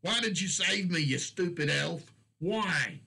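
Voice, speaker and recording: A man reading the lines of a gruff male dwarf soldier in steam-powered armor, blunt and exclaiming. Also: on the low side, normal speed, sharp tone, exaggerated voice. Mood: anguished.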